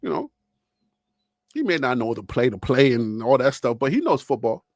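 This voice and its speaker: A man hosting a sports talk channel, talking straight to his viewers and chat in a lively, animated way and laughing often. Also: mid-range voice, moderate pace, no echo, clean studio sound. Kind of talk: casual live-stream commentary.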